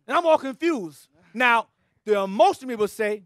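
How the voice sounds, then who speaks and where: A man preaching to a room of men, telling animated stories and joking. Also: very high-pitched, a little fast, no room sound, studio quality. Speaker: church leader. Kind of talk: preaching to a men's gathering.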